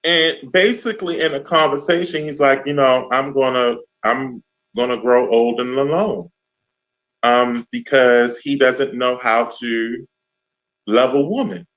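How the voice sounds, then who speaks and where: In dull lo-fi audio, a man of medium pitch hosts a radio talk show, speaking a little slowly. He tells a story casually and animatedly, acting out the voices of those involved.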